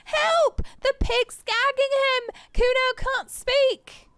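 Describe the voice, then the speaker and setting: A woman voicing a taunting, bratty young boy in a game, screeching and yelling at high volume. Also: steady tone, slow, a little hiss or hum, full character voice. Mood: shrieking.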